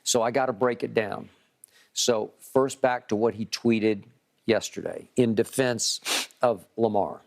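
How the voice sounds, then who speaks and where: A man hosting a sports debate show, speaking in a measured, methodical way as he breaks down his argument. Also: fairly low pitch, vocal fry. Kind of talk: sports debate, reading quotes.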